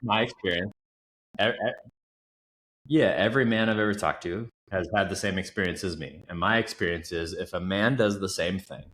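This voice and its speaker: A man's voice: sits low, brisk. A man in his thirties, a coach talking as a podcast guest, telling stories earnestly and with emphasis. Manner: earnest storytelling, emphatic and animated. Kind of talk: casual interview conversation. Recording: roomy echo.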